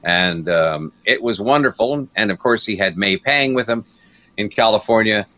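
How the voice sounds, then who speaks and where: A man's voice: fairly low pitch, normal speed. An older man, a guest broadcaster telling stories from his career in an interview and acting out the people he quotes. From Canada. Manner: animated storyteller who acts out quotes. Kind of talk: anecdotal interview storytelling. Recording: dull lo-fi recording.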